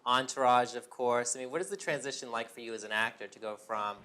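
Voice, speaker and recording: A man's voice: medium pitch, fast talker, bright, forceful tone, slight background noise. A man hosting an interview, asking questions in an upbeat, admiring way. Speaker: interview host.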